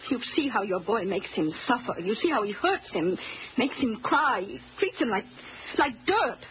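A woman's voice: fairly high pitch, very animated, normal speed, slight background noise. A woman acting a devoted housekeeper and mother in an old radio drama, earnest and emotional, stammering at times. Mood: impassioned. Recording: dull lo-fi old radio recording.

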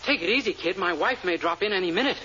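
A man's voice: high voice, lively intonation, quick pace, pushed and bright, a little hiss or hum. An actor playing a brash, flippant man who poses as a businessman, in 1940s radio comedy style. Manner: breezy, flippant wisecracks. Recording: dull old radio broadcast.

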